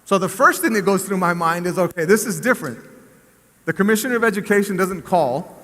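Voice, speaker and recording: A man, a school district superintendent giving an animated motivational speech and telling a story to a staff assembly. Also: sits high, fairly quick. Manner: animated storyteller, rising to cheering shouts. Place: large assembly hall. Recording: echoey hall with long reverb.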